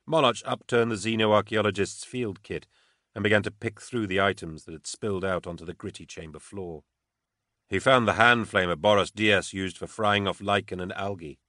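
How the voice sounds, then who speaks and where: A man's voice: fairly low pitch, pushed and bright, dry recording, clean studio sound. A man narrating fiction steadily as an audiobook narrator.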